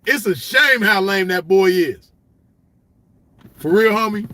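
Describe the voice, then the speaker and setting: A man delivers a swaggering solo rant, blunt and profane, circling back on his points. His voice sits high and sounds bright and forceful. The recording is close and dry. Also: slow pace, long pauses, no echo. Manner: blunt, swaggering, profane, repeats "you know what I mean". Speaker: commentator. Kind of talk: ranting solo monologue.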